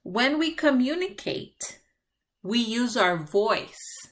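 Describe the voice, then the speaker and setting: Slow, patient bilingual teacher woman. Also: a little high, animated. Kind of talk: bilingual classroom lesson.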